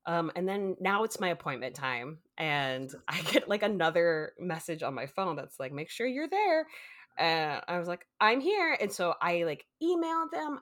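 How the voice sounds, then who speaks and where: A low-pitched woman co-hosts a podcast, telling stories in a casual chat. She's animated, acts out quotes, and laughs often.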